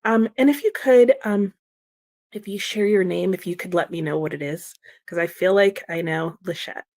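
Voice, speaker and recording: Her voice is lowish and a little mellow at a normal speed as she runs a live reading stream. Sounding a bit sleepy and slow this morning, she chats and laughs a lot while reading viewer comments aloud and responding.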